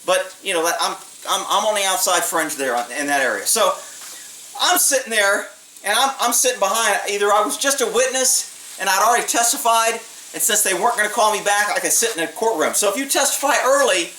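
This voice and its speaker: A man's voice: high voice, lively intonation, brisk, bright, forceful tone. A man, a former police officer, telling a story in a blunt, streetwise way and swearing freely. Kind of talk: casual storytelling. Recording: echoey room, mic at a distance, faint hiss.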